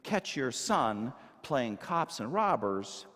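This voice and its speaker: A man preaching a sermon, his pitch rising and falling in a lively, emphatic way as he asks the congregation rhetorical questions. His voice rings out with a long reverb from the church hall. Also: slow. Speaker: minister. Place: church sanctuary.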